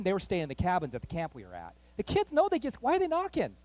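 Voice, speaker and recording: A man pastor telling a story in a sermon, animated and acting out the voices of the people in it. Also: very high-pitched, quick pace, few pauses. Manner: animated, acts out quoted voices, rising excitement. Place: church.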